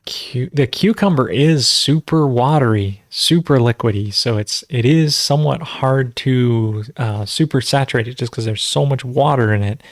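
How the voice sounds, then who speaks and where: A man's voice: medium pitch, normal speed, hardly any pauses, no echo, studio quality. A man hosting a casual livestream Q&A, rambling and conversational, full of fillers as he teaches natural farming.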